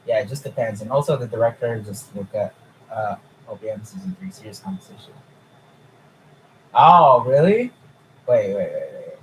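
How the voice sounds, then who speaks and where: A young man chatting casually on a live stream, excitable and incredulous, swearing freely. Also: fairly low pitch, fairly quick, slight background noise, low-quality recording.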